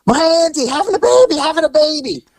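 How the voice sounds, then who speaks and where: Brief: man doing a panicked young girl, high and rushed, urgent. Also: sing-song. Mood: frantic. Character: frantic young girl at a door.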